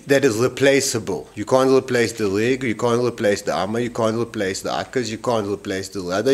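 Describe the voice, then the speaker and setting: A man who builds boats, explaining his boat in a casual vlog and rambling with restarts and repeated phrases, recorded in his workshop. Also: medium pitch. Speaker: boatbuilder.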